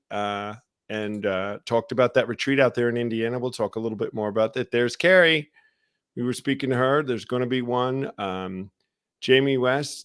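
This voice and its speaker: A man hosting a live online recovery show, talking casually and greeting viewers by name. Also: medium pitch. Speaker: show host. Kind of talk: casual live-stream talk.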